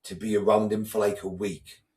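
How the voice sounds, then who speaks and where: A man's voice: lowish voice, little pitch movement, fairly quick, darkish tone, reverberant, far from the mic. A man co-hosting a casual podcast chat, blunt and swearing freely as he retells conversations. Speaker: podcast co-host, coach.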